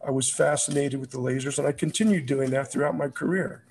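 An older man from New York with a New York accent, a guest telling lively stories in an interview. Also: medium pitch, fast, husky. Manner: animated anecdotes with quoted voices. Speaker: guest, lighting designer. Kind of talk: storytelling interview.

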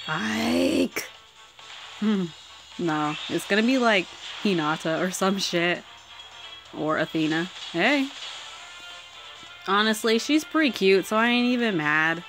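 A woman giving casual commentary while pulling characters in a mobile game, excitable and swearing freely, swinging from squeals to mutters. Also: medium pitch, measured pace, faint music behind. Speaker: mobile game summoning vlogger.

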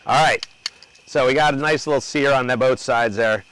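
A man's voice: medium pitch, moderate pace, fairly bright tone, a little hiss or hum, poor audio. Man, grill host, easygoing banter, outdoor cooking demo. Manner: loose, joking, talks to crew and viewers.

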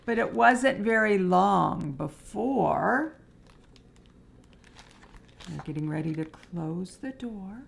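A preschool teacher reading a picture book aloud to young children, gently pointing out the pages. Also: female voice, mid-range voice, animated, slow, gravelly, pauses often, slight background noise. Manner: gentle, explaining pages to little ones.

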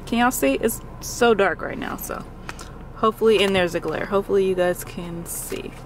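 A young woman vlogging from her car, gasping and exclaiming as she talks quickly and excitedly. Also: medium pitch, a little hiss or hum. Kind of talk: excited casual vlog. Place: in a parked car. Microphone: phone camera held close.

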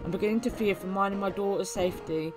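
A woman's voice: mid-range voice, fast talker, natural voice. A woman reading a frightened young mother. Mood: worried. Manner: soft, worried, polite. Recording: game music playing behind.

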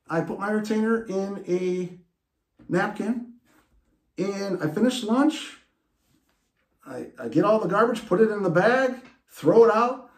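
A man hosting a podcast and telling a personal story in an animated way, with restarts and laughs. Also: on the high side, reverberant. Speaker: podcast host. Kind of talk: storytelling monologue.

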